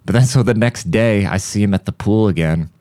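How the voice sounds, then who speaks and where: Deep-voiced man telling profane stories. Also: fairly quick, dark tone, clean tone, no echo, studio quality. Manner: profane, rambling, breaks into mouth-made beat sounds. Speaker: podcast host. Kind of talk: casual comedic storytelling. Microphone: studio podcast mic.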